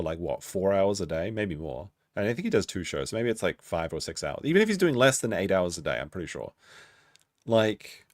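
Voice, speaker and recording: Low, animated, blunt male streamer. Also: no echo, clean studio sound. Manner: blunt, swears freely, drawn-out asides. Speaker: stream host reacting to a clip. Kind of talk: casual reaction commentary.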